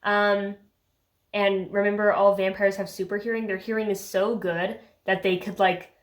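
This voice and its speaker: A woman's voice: mid-range voice, flat delivery, normal speed. A young woman vlogging about a book she read, chatty and sarcastic, full of filler words. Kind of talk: casual chat.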